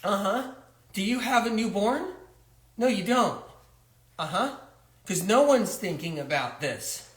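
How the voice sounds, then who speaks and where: A man's voice: high voice, lively intonation, a little slow, long pauses. A man playing a frantic new mother of twins. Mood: indignant. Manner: indignant, pleading phone complaints. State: tearful, near crying. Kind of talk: comedic one-man phone sketch. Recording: roomy echo.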